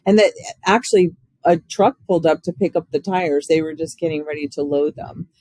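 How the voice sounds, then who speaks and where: Lively man telling stories on a podcast. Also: fairly high pitch, fairly quick, no echo, poor audio. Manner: animated storyteller, acts out quoted voices. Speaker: podcast host. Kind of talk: casual interview chat.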